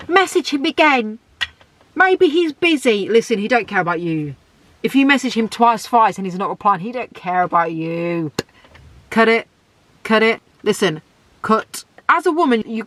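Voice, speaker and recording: Blunt young woman with a deep voice. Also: a bit bright, dry recording. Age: 20s. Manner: blunt, outspoken, ranting. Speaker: podcast host. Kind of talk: solo podcast monologue.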